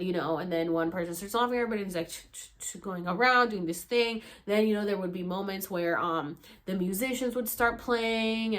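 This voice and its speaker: A young woman talks straight to her viewers, telling a long personal story in loose, animated vlog style. She swears freely and keeps slipping into quick voices for the people she describes. Her pitch sits in the middle range. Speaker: vlogger.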